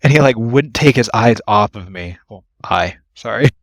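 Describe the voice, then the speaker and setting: A man's voice: lowish voice, moderate pace, no echo. A young man, an ambulance worker, telling work stories in a casual podcast chat, laughing often and acting out the people he quotes. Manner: animated storyteller, laughs often, acts out quotes. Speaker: guest, ambulance AEMT.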